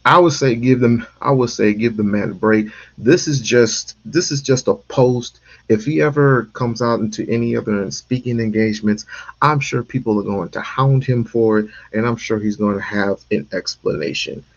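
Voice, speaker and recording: A man's voice: mid-range voice, moderate pace, lo-fi sound. A man hosting a casual commentary stream, talking emphatically and repeating himself for stress. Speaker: stream host.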